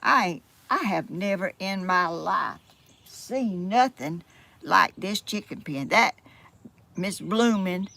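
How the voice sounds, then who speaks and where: Gravelly, bright, and forceful, this older Georgia woman's fairly low voice moves slowly with lively intonation as she rambles folksily to her camera at home by a yard. The Southern-accented vlogger exclaims often, and the recording has no echo.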